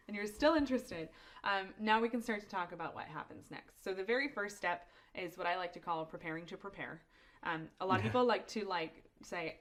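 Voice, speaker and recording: A woman's voice: medium pitch, moderate pace, a bit bright. A woman co-hosting a podcast in casual chat, upbeat and laughing often. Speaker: podcast co-host.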